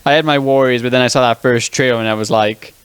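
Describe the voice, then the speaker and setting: Smooth-voiced man arguing back. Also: medium pitch, steady tone, fast talker, dry recording. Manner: questioning, argues back. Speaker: guest friend. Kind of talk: casual chat.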